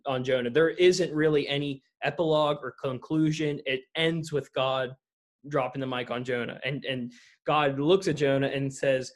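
A man's voice: medium pitch, normal speed. Man retelling a Bible story casually. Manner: animated storyteller, paraphrasing scripture conversationally. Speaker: church leader in a podcast discussion.

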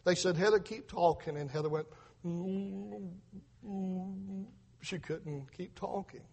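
Speaking at a moderate pace, this middle-aged father and preacher gives an earnest testimony sermon, repeating words and acting out voices as he recounts events. His voice is high, husky and darkish, followed by a long reverb.

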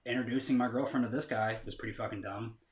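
A man's voice: mid-range voice, steady tone, far from the mic, natural voice. A man doing a shaken, apologetic working guy. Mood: confessing. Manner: quiet, hushed, halting with swearing. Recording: roomy echo.

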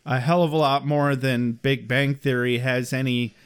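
A man's voice: mid-range voice, steady tone, moderate pace, clear, resonant tone. A man co-hosting a casual chat, telling stories and laughing at his own jokes. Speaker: podcast co-host.

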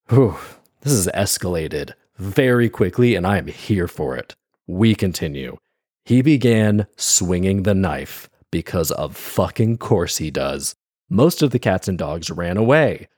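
A man's voice: sits low, darkish tone, no room sound, clean studio sound. A man reading a fairy tale aloud and breaking off for wry, sarcastic comedic commentary. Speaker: storyteller and commentator.

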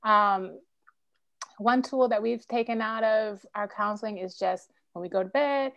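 A woman's voice: mid-range voice, measured pace, creaky, a bit bright, no echo, dull audio. A middle-aged woman speaking earnestly and emotionally as a podcast guest. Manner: earnest, emotional, faith-driven storytelling. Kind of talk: candid interview conversation.

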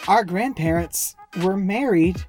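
A woman's voice: mid-range voice, expressive, slow, darkish tone, soft background music. A woman in her twenties from Indiana, co-hosting a casual chat, rambling and laughing often. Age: 20s. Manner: chatty, rambling, laughs often, does silly voices. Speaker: podcast co-host.

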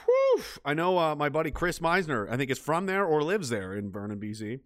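A man's voice: a little high, wildly swooping pitch, a little fast, no echo, studio quality. A man reading viewer messages on a livestream, ranting and swearing, trailing off into mumbled asides. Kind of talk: profane livestream chat reading.

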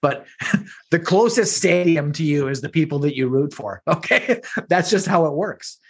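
A man from Minnesota chats as a podcast guest, teasing and swearing between laughs. His voice sits a little high for a man and has a husky edge. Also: animated, moderate pace. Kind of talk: casual podcast chat.

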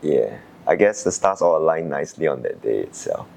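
A young man from Singapore, an Olympic sailor, calmly recalling his qualifying race in an interview, thoughtful with frequent fillers. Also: a bass voice, brisk, vocal fry, a little hiss or hum. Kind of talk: reflective interview answers.

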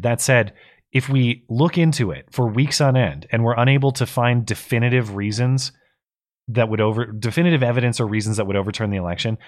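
Tired-voiced man reading viewer messages. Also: medium pitch. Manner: thinking aloud with restarts and stumbles. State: tired, voice going. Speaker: co-host. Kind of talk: casual political talk, reading viewer messages.

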